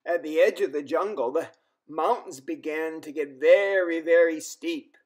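A man telling a children's story in an unhurried, expressive way. His voice sits fairly high for a man. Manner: slow, expressive. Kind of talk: children's story read-aloud.

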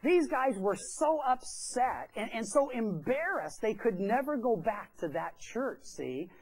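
A man's voice: very high voice, very animated, unhurried, rough recording. A pastor telling a story during a sermon in a church. He talks in a chatty way and acts out the quoted voices. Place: church sanctuary.

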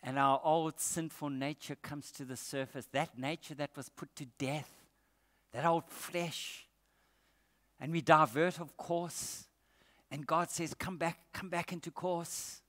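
Bright-voiced pastor preaching. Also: male voice, on the high side, steady tone, slow pace. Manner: earnest, emphatic preaching. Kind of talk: sermon. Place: church. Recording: echoey church hall.

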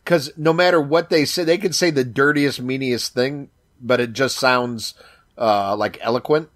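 A man's voice: mid-range voice, moderate pace, fairly bright tone. A man co-hosting a podcast in casual chat, rambling and cracking crude jokes. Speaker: podcast co-host.

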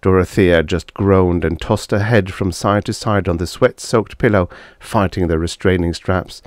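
A man reading a science fiction short story aloud in measured scripted narration. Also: low voice, fairly even intonation, no echo, studio quality. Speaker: audiobook narrator.

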